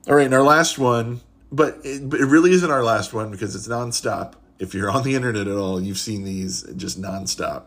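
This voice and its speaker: A man's voice: mid-range voice, slightly rough. A man hosting a comedy podcast, riffing sarcastically on memes and laughing often. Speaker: podcast host.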